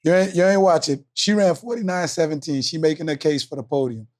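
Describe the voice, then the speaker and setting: A man's voice: on the high side, brisk, darkish tone. A middle-aged man, a coach and co-host, talking in a teasing, laid-back way in a casual sports chat.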